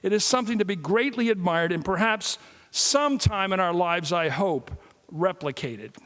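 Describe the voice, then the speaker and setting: A man in his sixties giving a public lecture, telling stories and jokes in an animated way. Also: high-pitched, moderate pace. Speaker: guest speaker. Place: large hall. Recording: long reverb of a large hall.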